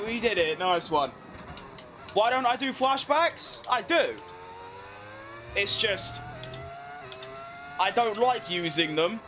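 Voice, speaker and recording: A young man with a high-pitched voice chats through his racing game session, teasing himself and restarting sentences as he goes. Engine and game noise run loudly under his voice. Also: lively intonation, takes it slowly, pauses often. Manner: chatty, self-mocking, restarts often. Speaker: gaming video creator. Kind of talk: casual commentary over gameplay.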